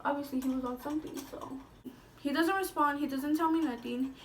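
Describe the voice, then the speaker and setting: A woman's voice: high-pitched, fairly even intonation, fairly quick, slight background noise. A young woman vlogger chatting through a storytime, swearing freely, leaning on "like" and dropping Spanish slang. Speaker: beauty vlogger telling a story. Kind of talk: casual storytime monologue. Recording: voice a bit distant from the mic.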